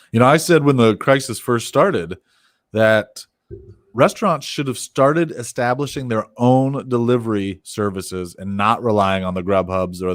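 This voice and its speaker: A man's voice: medium pitch, no echo, studio quality. A man co-hosting a podcast in casual chat, giving business-minded opinions in a conversational way. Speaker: podcast co-host.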